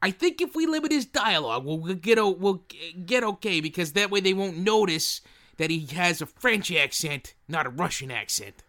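A man playing a scheming male film producer in a comedy sketch, rambling and halting with lots of fillers. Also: sits high, big pitch swings, sharp tone, heavily acted.

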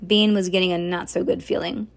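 A woman's voice: lowish voice, flat delivery, a little fast, creaky. A woman reading a children's book aloud, with casual chatty asides between passages. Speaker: storybook reader.

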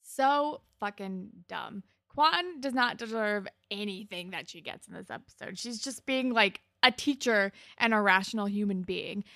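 Young woman with a creaky voice. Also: medium pitch, lively intonation, measured pace, few pauses, sharp tone, no echo, clean studio sound. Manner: retelling scenes with laughs and swearing. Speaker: podcast co-host. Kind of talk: casual recap chat.

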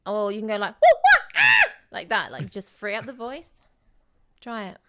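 A woman's voice: mid-range voice, normal speed, heavy background noise. A woman chatting as a podcast guest, playful and teasing. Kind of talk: casual chat.

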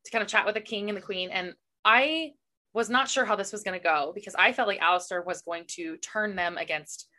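A woman's voice: medium pitch, brisk, sharp tone. A young woman co-hosting a podcast, retelling a book's plot in casual chat, full of "like" and "you know". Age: young adult. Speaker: podcast co-host.

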